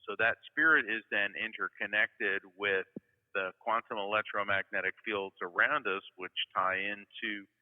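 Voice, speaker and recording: A man's voice: on the low side, steady tone, a little slow. A middle-aged man from Florida, a psychic medium guest, telling stories earnestly in an interview conversation. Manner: earnest storytelling, acts out quoted voices. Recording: tinny phone-like sound with long reverb.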